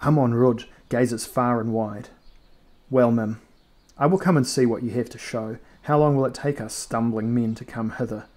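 A man voicing a stern, commanding young captain who speaks with firm, steady resolve in a storybook reading. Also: medium pitch, moderate pace, close to an everyday voice.

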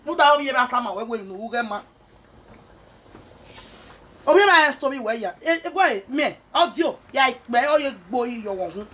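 A woman's voice: high-pitched, expressive, measured pace, long pauses, a bit bright, slightly rough. A Nigerian woman vlogger ranting angrily and scolding, mixing in pidgin. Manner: angry, scolding, mixes pidgin and Yoruba. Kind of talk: angry rant.

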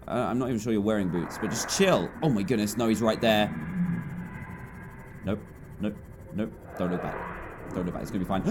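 This gaming YouTuber from England, a man in his twenties, talks fairly quickly but pauses often as he narrates his own play. Soft music sits behind his chatty, jumpy delivery, which moves between quiet mutters and sudden loud yelps.

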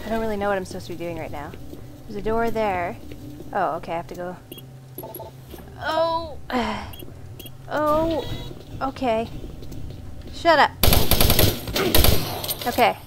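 A woman's voice: mid-range voice, expressive, measured pace, long pauses, background noise. A woman commenting on a horror game as she plays, jumpy and often screaming at monsters. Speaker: gaming video host. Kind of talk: let's play commentary.

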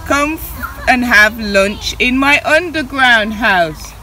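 A woman's voice: on the high side, takes it slowly, sharp tone, a little hiss or hum, poor audio. A mother reading as a sly hungry fox. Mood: coaxing.

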